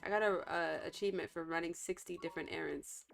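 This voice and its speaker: Woman streamer, relaxed chatty gameplay talk over soft game music. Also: on the low side, fast talker, creaky. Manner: chatty, rambling, thinks aloud with restarts. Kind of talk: casual gameplay commentary.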